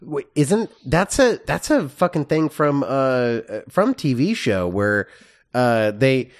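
A man co-hosting a podcast, chatting casually about films in a halting way with many restarts. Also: medium pitch, very animated. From United States. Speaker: podcast co-host. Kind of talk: casual movie review chat.

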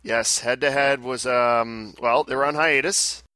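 A man's voice: medium pitch, fairly even intonation, unhurried, pushed and bright, no room sound. A man hosting a podcast, joking and teasing his co-host in casual banter on a close mic.

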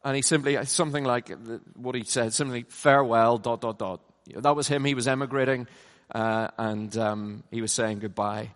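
A middle-aged man preaching a conference sermon, emphatic, swinging from loud passionate peaks down to low, quiet lines. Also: fairly even intonation, normal speed. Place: large conference hall. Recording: long hall reverb.

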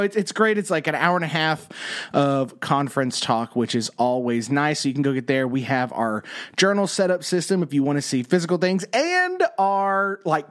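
A man hosting a podcast, telling stories in a rambling, enthusiastic way. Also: a little high. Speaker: podcast host. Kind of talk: casual podcast chat.

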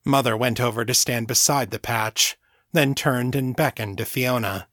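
A man narrating a novel chapter in a steady, measured reading voice. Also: medium pitch, dry recording, clean studio sound. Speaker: audiobook narrator. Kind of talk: scripted narration.

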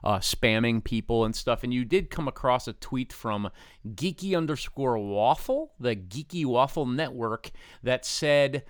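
A man's voice: medium pitch, lively intonation, a little slow, smooth, dry recording, clean studio sound. A man hosting a fan podcast, talking casually with lots of fillers and restarts. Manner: rambling, many fillers and restarts. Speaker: podcast host.

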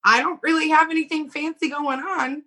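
A young woman co-hosting a podcast, telling a story in a casual, animated way and acting out the quotes with laughs. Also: high-pitched, normal speed. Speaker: podcast co-host.

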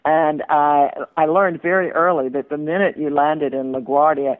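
A woman's voice: sits low, steady tone, normal speed. Older Southern woman on a tinny phone line. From southern Appalachia, US. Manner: witty, chuckles often. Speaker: guest author. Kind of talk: casual podcast interview.

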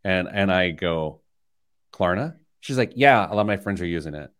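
A middle-aged man hosting a money radio show, telling stories in lively banter that gets loud when he's excited. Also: low-pitched, moderate pace. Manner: animated storyteller, rising loud when excited. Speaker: radio show host, financial planner. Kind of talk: casual studio banter.

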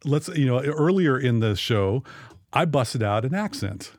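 A man's voice: mid-range voice, lively intonation, measured pace, no room sound, studio quality. A man from the Pacific Northwest co-hosting a local podcast, rambling and joking as he corrects himself mid-sentence. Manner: jokey, rambling, self-correcting. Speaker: podcast co-host. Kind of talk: casual chat.

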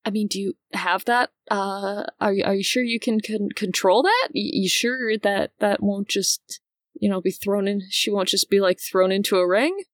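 A woman playing a scrappy, kind-hearted young woman on edge, who stammers and restarts her worried questions. She speaks in a mid-pitched voice, recorded dry and close, as a tabletop game character. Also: normal speed, no room sound, natural voice. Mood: nervous. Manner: hesitant, stammering, with nervous laughs.

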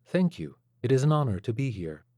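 Man doing a polite robot, formal, measured, noncommittal, pleasant but inorganic, soft and low-key. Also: big pitch swings, no echo, studio quality. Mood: courteous. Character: polite male robot, calm and precise.

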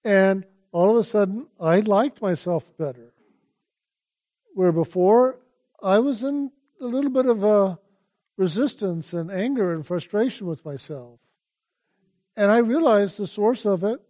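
Here an older man with a high voice acts as a teacher in a gentle, slow-paced spiritual talk. Time after time he asks those listening to stay attentive.

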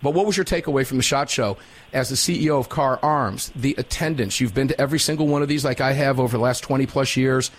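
A middle-aged man hosting a live talk radio show, energetic and folksy, sometimes drawing out words for emphasis. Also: mid-range voice, fast.

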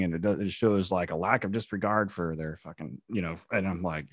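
A man co-hosting a casual podcast, telling profane, animated stories about police dogs. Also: deep voice, fast talker, no echo, studio quality. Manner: profane, animated storytelling with quoted asides. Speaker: co-host, police dog handler.

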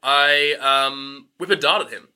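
A man's voice: mid-range voice, fairly even intonation, a little slow, pushed and bright, smooth. A man talking as a player in a tabletop game, hesitant and casual.

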